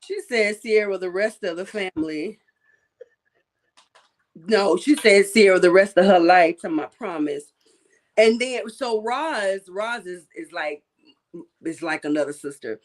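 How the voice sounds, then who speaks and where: A woman's voice: medium pitch, animated, a little slow, pauses often. A woman co-hosting a casual podcast chat, playful, telling stories and laughing often. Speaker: podcast co-host.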